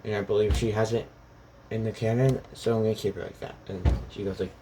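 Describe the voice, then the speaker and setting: A man's voice: on the low side, flat delivery, fairly quick, dark tone, a little hiss or hum. A man casually retelling a fan story in a rambling way, often saying "goes like" between lines.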